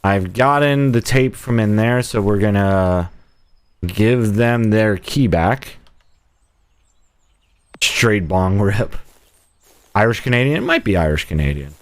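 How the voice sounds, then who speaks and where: A man streaming a video game live, rambling and joking as he talks to himself and his viewers. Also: fairly low pitch. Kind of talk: casual live gameplay commentary.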